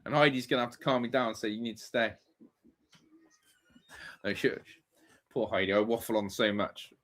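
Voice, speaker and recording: A man's voice: medium pitch, fast talker, fairly bright tone. A man hosting a live football watch-along, ranting and swearing in exasperation at his team. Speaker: fan channel host.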